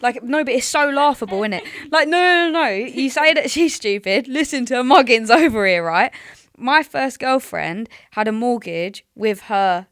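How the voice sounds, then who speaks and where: A woman's voice: fairly high pitch, animated, normal speed, hardly any pauses, fairly bright tone, no room sound. A young woman chatting on a podcast, slangy and self-mocking about her past. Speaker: podcast co-host. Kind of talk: casual chat.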